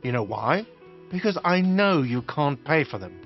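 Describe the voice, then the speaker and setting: A man's voice: fairly high pitch, very animated, normal speed. An actor voicing a whiny, irritable male hostel manager in a game. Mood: irritated. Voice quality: whiny, peevish. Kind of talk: game voice acting. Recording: dull lo-fi game capture with music.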